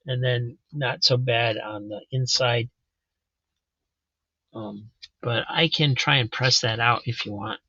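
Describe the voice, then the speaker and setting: A man's voice: medium pitch, slow pace, vocal fry, long pauses, sharp tone, breathy edge, dry recording, muffled recording. A man casually hosting a live comic book auction, chatting as he describes each issue.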